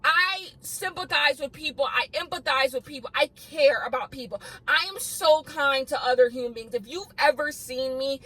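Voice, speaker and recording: A woman's voice: high-pitched, normal speed, few pauses, bright, forceful tone, low-quality recording. A woman in her twenties telling a personal story in a vlog, rambling and emotional with lots of fillers. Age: 20s.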